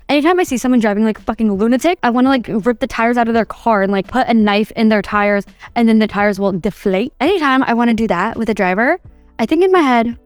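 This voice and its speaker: A woman's voice: on the high side, no room sound. A woman in her twenties hosting a solo podcast, chatty and casual, saying "like" all the time and acting out little quoted bits of herself. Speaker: podcast host.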